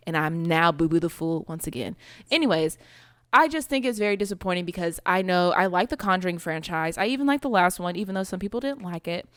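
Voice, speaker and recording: A woman's voice: lowish voice, quick pace, clear, resonant tone, dry recording, clean studio sound. Blunt, laughing young woman co-host. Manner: blunt, swears, laughs often. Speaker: podcast co-host. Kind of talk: casual chat.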